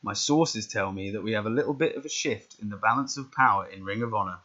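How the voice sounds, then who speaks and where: A man's voice: on the low side, fast, pushed and bright. A man reading out the lines of a smug, lavish male wrestling manager in his plain voice, with no accent put on. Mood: grandiose. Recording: dull lo-fi recording.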